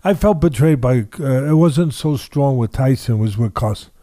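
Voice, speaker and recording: A man's voice: mid-range voice, lively intonation, normal speed, mellow, dry recording, clean studio sound. An older man, a boxing trainer, telling stories in an interview, driving points home by repeating phrases. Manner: emphatic, repeats phrases for weight. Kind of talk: interview storytelling.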